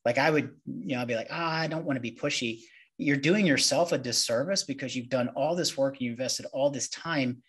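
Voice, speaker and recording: Husky-voiced man talking business. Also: mid-range voice, fairly quick, hardly any pauses. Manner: candid, conversational, acts out client dialogue. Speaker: mortgage loan originator, guest. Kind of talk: podcast interview answer.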